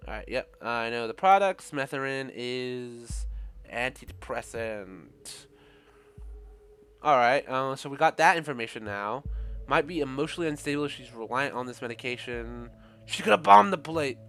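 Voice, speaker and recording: A man's voice: mid-range voice, lively intonation, moderate pace, fairly bright tone, smooth. A man commenting as he plays a game, musing aloud and joking with many restarts. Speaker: gamer. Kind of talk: let's play commentary.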